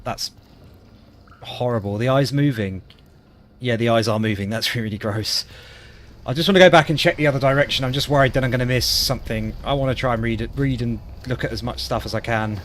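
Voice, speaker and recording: A man's voice: medium pitch, a little fast, slight background noise. A man from Wales chatting as a gaming streamer, reacting with disgust and cracking self-deprecating jokes. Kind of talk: casual gaming commentary.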